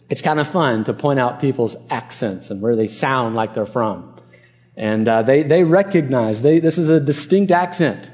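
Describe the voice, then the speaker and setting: A man's voice: mid-range voice, moderate pace, mellow. A male pastor from Arkansas preaching a conversational sermon and acting out the people in the passage.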